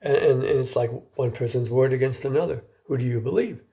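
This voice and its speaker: A man delivers an informal, chatty lecture in a mellow, dark voice of medium pitch, moving a little fast. He often stumbles into repeating words before resuming, and he sometimes turns to ask his listeners something.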